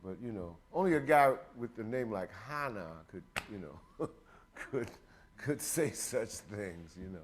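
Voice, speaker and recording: An older man in his sixties hosts an easygoing show, rambling from one thought to the next and cracking jokes. His pitch swings widely and expressively, and he often breaks into laughter. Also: expressive, measured pace, slight background noise. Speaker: host. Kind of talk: casual chat.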